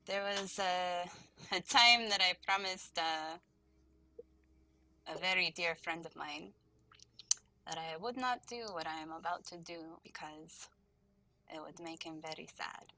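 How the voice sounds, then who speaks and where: A woman voicing a composed, sorrowful female prisoner in a tabletop game, speaking in a hushed, conspiratorial way. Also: mid-range voice, a little slow.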